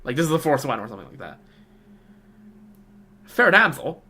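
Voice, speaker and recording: A woman's voice: very deep voice, lively intonation, rapid-fire. A woman chatting casually and joking while playing through a game. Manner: chatty, joking, talks to herself. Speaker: game streamer. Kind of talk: casual gameplay commentary.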